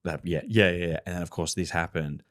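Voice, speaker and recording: Man, lowish voice, casual podcast chat, animated, swears a lot. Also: brisk. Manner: animated storyteller, swears freely, acts out dialogue. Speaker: podcast co-host.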